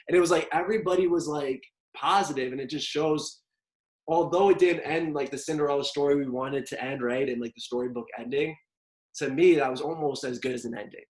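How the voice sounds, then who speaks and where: A man's voice: medium pitch, poor audio. A man, a wrestling coach telling a long story in a casual podcast chat, rambling with lots of fillers.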